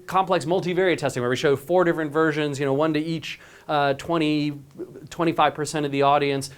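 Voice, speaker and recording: A man giving a conference presentation as a company CEO. He talks with energy, often asks the audience "right?" and restarts his phrases quickly. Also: medium pitch. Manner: many quick restarts and repeated words.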